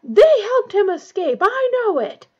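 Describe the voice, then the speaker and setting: A woman's voice: high voice, takes it slowly, gravelly, slightly rough, highs cut off, heavily acted. Woman doing a raging, bellowing schoolmaster. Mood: frantic. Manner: roaring, accusing. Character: furious vindictive male potions professor.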